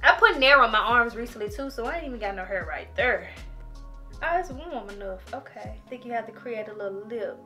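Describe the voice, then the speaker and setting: A woman's voice: on the high side, animated, fairly quick, bright, forceful tone, faint music behind. A woman talking casually in a home vlog, dramatic and laughing, often crying out that she is scared. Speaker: vlogger.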